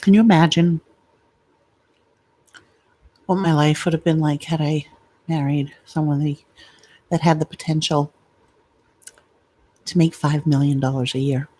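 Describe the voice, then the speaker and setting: A woman's voice: sits low, fairly even intonation, a little slow, long pauses, warm tone. A middle-aged woman vlogging from her home, chatting to viewers with rambling, confiding asides and stories. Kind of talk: chatty live vlog talking to viewers.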